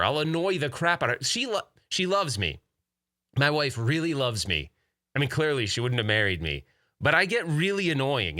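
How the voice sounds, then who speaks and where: A man hosting a casual podcast, chatting enthusiastically and cutting himself off mid-sentence. His voice is bright and lively, with a pitch that jumps around. The sound is dry and close. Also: no echo. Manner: rambling, self-interrupting, enthusiastic. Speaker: podcast host.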